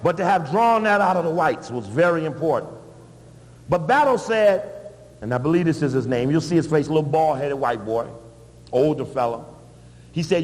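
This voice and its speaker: A man giving an animated, emphatic public talk with blunt asides. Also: a little high, moderate pace, long reverb tail. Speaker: public speaker.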